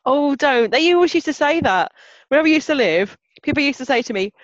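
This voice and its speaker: Podcast host lady, soft black country accent, giggly and wry, kinda muffled lo-fi. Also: high voice, lively intonation, brisk, no room sound. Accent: mild Black Country. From Black Country, England. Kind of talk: casual podcast chat. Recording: dull lo-fi sound.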